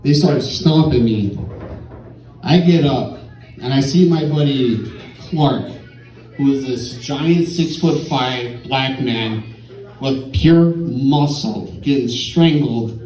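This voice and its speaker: A man's voice: medium pitch, takes it slowly, a little mellow, roomy sound, far from the mic, faint music behind, low-quality recording. A tipsy man telling a rambling, profane story in a stand-up set at a comedy club.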